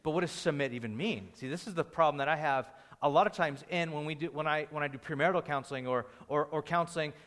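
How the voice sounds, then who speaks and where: A pastor preaches in a church hall, keeping it conversational and joking with the congregation. His fairly bright voice is on the high side, quick, with few pauses. A long hall reverb colors the recording.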